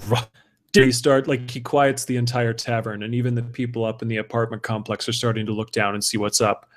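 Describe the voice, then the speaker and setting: A man's voice: medium pitch, flat delivery, brisk. A man narrating as game master of a tabletop game, with many hesitant fillers.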